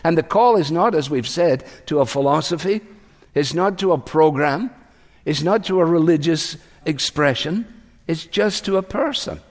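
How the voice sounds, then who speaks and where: A man's voice: on the high side, lively intonation, normal speed. A man preaching in a church sanctuary, his slightly raised voice carrying a long hall reverb. He is earnest and asks his listeners direct questions, shifting his delivery for emphasis. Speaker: pastor. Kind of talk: sermon.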